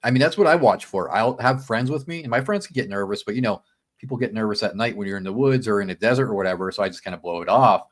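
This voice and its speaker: Animated storytelling man, podcast guest. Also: lowish voice, fast talker. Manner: animated, acts out quotes, says man and dude a lot. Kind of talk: casual storytelling chat.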